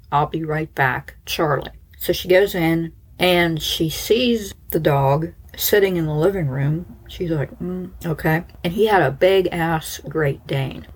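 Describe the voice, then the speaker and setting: Low husky-voiced woman podcast host. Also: rough recording. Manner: chatty and informal, many "like" fillers and asides. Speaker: true crime podcast host. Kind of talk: casual storytelling narration.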